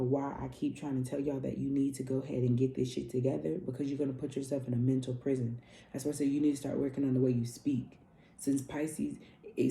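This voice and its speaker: A woman's voice: very deep voice, vocal fry, dark tone. A woman spiritual coach giving a casual astrology reading, loose and profane, repeating herself like a preacher. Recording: roomy echo.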